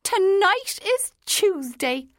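A woman voicing an eager, anxious middle-aged woman customer who hunts for bargains and turns shrill when excited. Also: a little slow, no room sound, studio quality.

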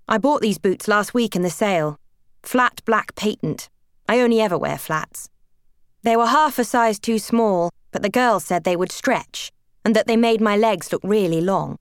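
Young woman, expressive and wry, for first-person novel narration; smooth, clean voice. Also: mid-range voice, no room sound, clean studio sound. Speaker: audiobook narrator.

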